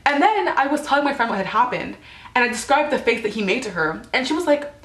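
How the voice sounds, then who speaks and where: A teenage girl vlogger tells embarrassing stories to camera in a high, fast, slightly bright voice with big pitch swings, recorded in an echoey room. She's chatty and casual, using "like" constantly and acting out quotes.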